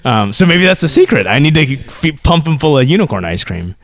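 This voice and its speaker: A man in his thirties co-hosting a podcast, telling animated stories, swearing freely and acting out quotes. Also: a little high, fairly quick, gravelly, dry recording, studio quality. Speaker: podcast co-host. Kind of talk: casual chat.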